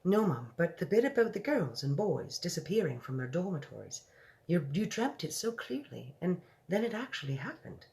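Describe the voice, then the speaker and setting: A woman's voice: on the low side, sing-song, moderate pace, creaky, darkish tone, voice pushed up. A woman reading a storybook aloud and voicing a nervous middle-aged maid who stammers and quivers deferentially. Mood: anxious.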